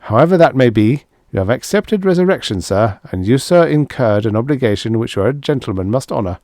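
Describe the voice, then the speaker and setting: A man's voice: medium pitch, expressive, brisk, darkish tone, dry recording, studio quality, voice pushed up, natural voice. A man doing a suave, courteous French-speaking host. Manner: smooth, courteous and formal. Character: suave, polite male host of a rest station, French-speaking.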